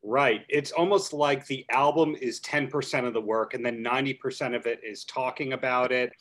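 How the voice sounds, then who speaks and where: A male podcast host speaks at an ordinary middle pitch. He asks long, rambling questions in a loose, conversational way. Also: fairly even intonation, normal speed, fairly bright tone. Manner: chatty, long-winded questions. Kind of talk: casual interview chat.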